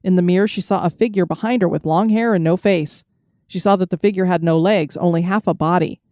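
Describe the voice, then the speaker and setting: Mellow woman narrating ghost stories. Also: lowish voice, a little fast, no room sound, clean studio sound. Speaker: podcast host. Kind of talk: storytelling narration.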